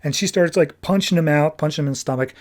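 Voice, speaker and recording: A man's voice: on the high side, quick pace, darkish tone. A man hosting a casual comics podcast, talking in a rambling, offhand way full of fillers. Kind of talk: casual comic book review.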